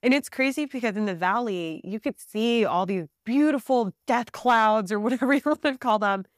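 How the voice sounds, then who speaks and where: A woman guest on a podcast, telling a trip story in a casual, animated way with fillers and bursts of laughter. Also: fairly high pitch, fairly quick, dry recording, studio quality. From Southern California.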